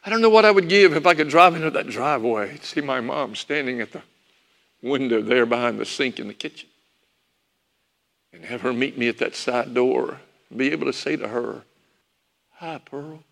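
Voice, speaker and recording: A man's voice: medium pitch, brisk, gravelly, a bit bright. Man preaching a fond memory in a hall. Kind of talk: sermon storytelling. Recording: long hall reverb.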